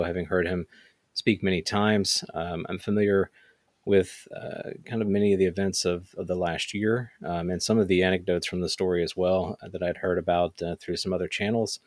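Male panelist, very low voice, measured and halting, dry close mic. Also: no echo. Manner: thoughtful, halting, many restarts. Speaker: podcast panelist. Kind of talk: casual panel discussion.

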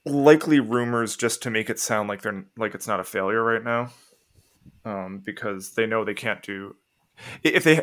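Low-voiced man musing on a podcast. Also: fairly bright tone. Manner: hesitant, restarts while reasoning aloud. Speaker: podcast co-host. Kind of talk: casual podcast banter.

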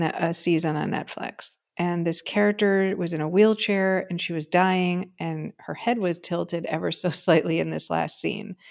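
Lower-pitched woman telling a story. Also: vocal fry, a little mellow. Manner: storytelling, frequently asks "right?" and says "um". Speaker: podcast co-host. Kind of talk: casual spiritual podcast conversation.

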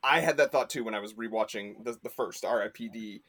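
A man's voice: on the low side, fairly quick, a bit bright. A man chatting as a podcast guest, rambling with lots of fillers and restarts. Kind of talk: casual chat.

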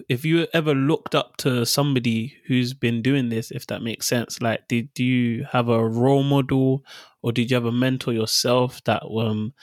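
A man's voice: medium pitch, no room sound, clean studio sound. A man hosting an interview, asking questions hesitantly with restarts and short murmurs of agreement. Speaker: interviewer, host. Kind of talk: casual interview talk.

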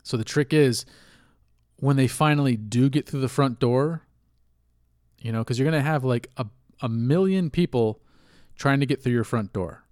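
A man's voice: medium pitch, normal speed, a little mellow, no room sound. Candid, swearing man hosting a dry solo podcast. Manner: rambling, candid, swears freely, laughs at himself. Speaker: podcast host. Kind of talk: casual solo podcast monologue.

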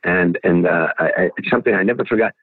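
Older guy spinning old showbiz stories, husky low voice, phone-thin sound. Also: fast talker, no echo. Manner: anecdotal, many restarts and "you know"s. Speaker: guest comedian. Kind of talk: storytelling interview. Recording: phone-like, dry.

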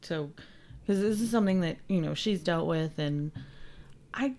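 A woman's voice: fairly low pitch, moderate pace, dark tone. A middle-aged woman co-hosting a casual podcast, speaking earnestly and with emotion. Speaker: podcast co-host.

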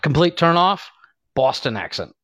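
A man's voice: on the high side, very animated, moderate pace, fairly bright tone, dry recording. A man with an Ohio accent, chatting casually on a podcast and laughing at his own stories. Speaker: podcast guest. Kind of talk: casual chat. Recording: dull, dry lo-fi sound.

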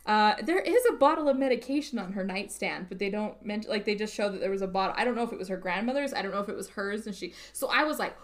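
A woman's voice: mid-range voice, animated, quick pace, few pauses. A woman co-hosting a podcast, casually retelling a film's plot with lots of "like" and frequent swearing. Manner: swears freely, rambling retelling with many fillers. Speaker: podcast co-host. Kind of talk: casual movie recap.

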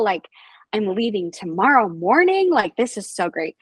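A woman's voice: medium pitch, moderate pace, husky, no echo, poor audio. A young woman, a nursing assistant guest, telling stories casually and acting out the voices of people she quotes. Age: young adult. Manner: animated, acts out quoted voices. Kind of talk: casual storytelling.

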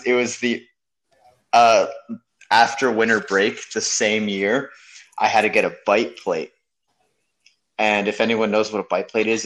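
A man's voice: lowish voice, fairly bright tone, rough recording. A young man co-hosting a podcast, telling a rambling story in casual chat and laughing at himself. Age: young adult. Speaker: podcast co-host.

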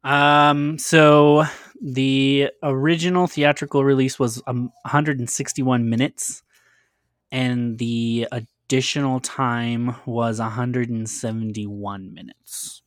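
A man's voice: mid-range voice, steady tone, slow, dry recording, studio quality. A man co-hosting a podcast, talking casually with lots of "like" fillers and frequent laughter. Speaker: podcast co-host. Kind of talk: casual chat.

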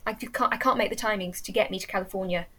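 A woman's voice: medium pitch, steady tone, rapid-fire, bright, forceful tone, slight background noise. An English woman, a teacher, chatting enthusiastically as an interview guest and often restarting her sentences. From England. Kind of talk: casual chat.

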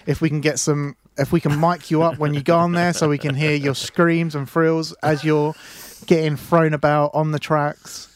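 A man's voice: a little high, level tone, moderate pace, few pauses. A man presenting a radio show, chatting casually and teasing his co-host. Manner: teasing, jokey banter. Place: radio studio.

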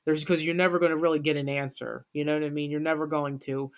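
A woman's voice: low-pitched, fairly even intonation, fast talker. Earnest woman sharing her story. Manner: earnest and heartfelt. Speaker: podcast guest. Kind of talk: personal storytelling in a podcast interview.

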